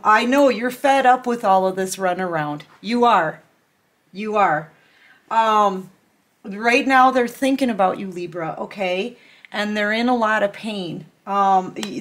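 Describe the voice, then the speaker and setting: Slow, emphatic woman tarot reader. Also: mid-range voice. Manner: chatty, emphatic, repeats herself, talks straight to the viewer. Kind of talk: casual tarot reading to camera.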